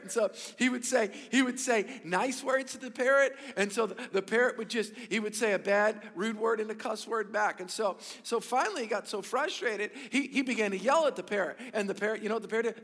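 A man's voice: sits high, lively intonation, brisk, a bit bright, in a large hall. A male pastor preaching a sermon, emphatic and repetitive, speaking to his congregation. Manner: emphatic, repetitive, stumbles and restarts, addresses congregation. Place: church sanctuary.

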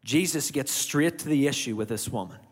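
Irish pastor preaching in a reverberant hall. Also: male voice, medium pitch, fairly quick. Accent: Irish, slightly Americanized. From Ireland. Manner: conversational preaching, with asides to the congregation. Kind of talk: sermon.

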